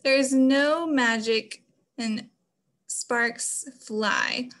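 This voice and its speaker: A woman's voice: fairly high pitch, extremely slow, fairly bright tone. A woman teaching a phonics lesson to children, explaining patiently step by step.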